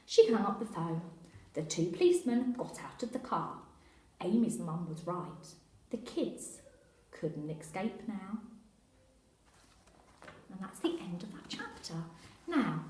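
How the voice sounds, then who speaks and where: A woman teacher reading a children's story aloud in an expressive, animated way. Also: mid-range voice. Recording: echoey room.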